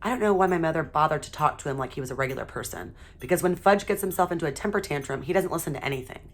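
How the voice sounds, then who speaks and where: A woman teacher reading a children's chapter book aloud in a steady, expressive way. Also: low voice, very fast.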